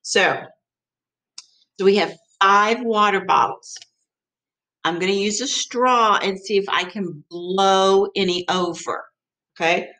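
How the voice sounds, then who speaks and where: A woman teacher giving a playful, excitable math lesson for children. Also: medium pitch, takes it slowly, pauses often, rough recording.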